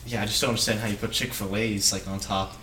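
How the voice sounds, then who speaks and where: A young man co-hosting a podcast, laid-back and low-key while defending his picks. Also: level tone, fast talker, pushed and bright, roomy sound, distant mic, a little hiss or hum. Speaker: podcast co-host. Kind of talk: casual podcast banter.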